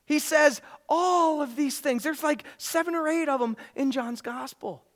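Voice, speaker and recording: A preacher delivering a sermon in a church service, emphatic and prone to repeating key phrases, swelling to loud excitement at the high points. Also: a little slow.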